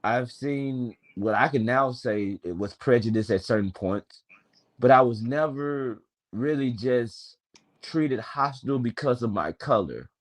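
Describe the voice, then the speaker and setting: A man's voice: mid-range voice, a little slow. Southern man in his twenties, rambling. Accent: Southern US, Memphis. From Memphis, Tennessee. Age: 20s. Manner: rambling, profane, storytelling with slang. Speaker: streamer. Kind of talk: casual chat.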